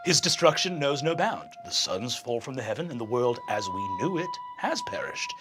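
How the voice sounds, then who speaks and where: A man's voice: very high voice, sing-song, moderate pace, voice pushed up, exaggerated voice. A man doing a manic, ranting old wizard. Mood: hushed solemn. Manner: ranting, shouting, swearing. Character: manic old male wizard headmaster, profane. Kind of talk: tabletop role-play acting. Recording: music playing behind.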